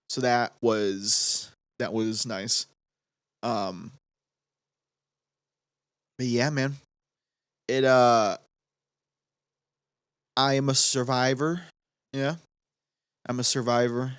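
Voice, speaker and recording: A man's voice: medium pitch, dry recording, clean studio sound. A young man hosting a podcast in casual, joking chat full of fillers. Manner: rambling, joking, lots of fillers. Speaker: podcast host.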